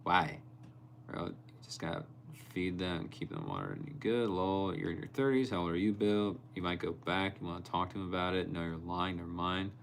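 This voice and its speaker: Low-voiced young man chatting with his live stream. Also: moderate pace, gravelly, slight background noise. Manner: chatty, answers chat comments by name, animated storytelling. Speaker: livestreamer reading chat. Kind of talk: casual live-stream chat.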